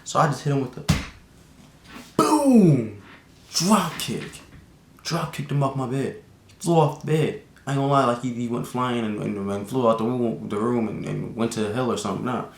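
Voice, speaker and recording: A young man telling a casual storytime vlog, slangy and animated, with lots of fillers. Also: fast, vocal fry. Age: young adult. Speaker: vlogger. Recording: echoey room with faint rumble.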